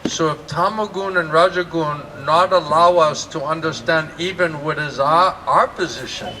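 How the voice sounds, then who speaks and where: A monk gives a relaxed morning class in a slightly high voice, joking with his listeners as he teaches. He stands some way from the mic, and steady room noise runs under his words. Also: moderate pace. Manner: joking, chatty, laughs often. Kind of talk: conversational sermon. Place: temple class in India. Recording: distant mic with noisy ambience.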